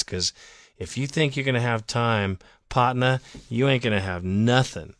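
A man delivering an opinionated sports fan monologue, heated and ranting, swinging from calm talk to raised outbursts. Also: mid-range voice.

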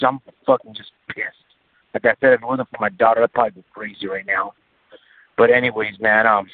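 A man's voice: mid-range voice, dry recording. A man calling in to a sports radio show, ranting in a frustrated, profane, rambling way. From Bakersfield, California. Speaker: caller. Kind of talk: call-in sports radio rant. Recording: tinny phone line.

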